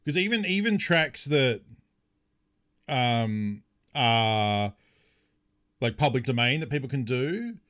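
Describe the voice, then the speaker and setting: A young Australian man streams a game and chats casually with his viewers in a slow, mid-range voice, pausing often. Relaxed and rambling, he answers the chat and swears lightly.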